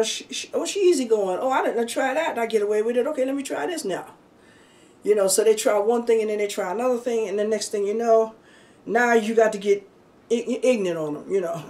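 A woman's voice: mid-range voice, darkish tone, far from the mic. Folksy woman preaching, set back from mic. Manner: folksy and emphatic, many "you know" and "okay?". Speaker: minister. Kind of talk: conversational sermon with personal testimony.

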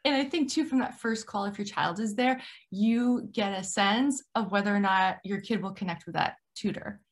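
A woman's voice: mid-range voice, normal speed. A woman hosting a podcast, chatting about tutoring and sharing her own stories with many "you know" fillers. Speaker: podcast host. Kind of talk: podcast conversation.

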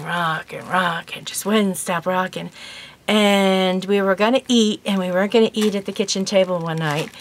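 A woman's voice: mid-range voice, slight background noise. A woman in her sixties telling a rambling home story in a casual vlog, chatty and laughing often, then showing off a gift. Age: 60s. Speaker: vlogger.

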